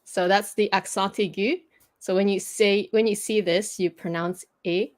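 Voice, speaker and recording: A woman's voice: medium pitch, little pitch movement, normal speed. A woman hosting a livestream, patiently explaining pronunciation rules step by step and laughing easily. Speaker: host teaching pronunciation.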